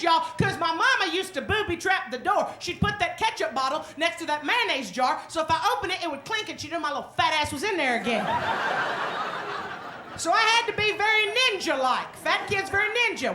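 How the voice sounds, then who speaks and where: Brash high-voiced woman comic. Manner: brash, crude, animated storytelling. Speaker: stand-up comedian. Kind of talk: stand-up set. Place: comedy club stage. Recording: echoey club with loud crowd and noise.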